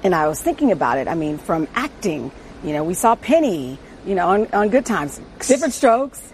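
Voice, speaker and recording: A woman from the United States interviewing a guest, enthusiastic and quick with exclamations and laughter. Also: fairly low pitch, very animated, a little mellow, slight background noise. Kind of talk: casual interview conversation.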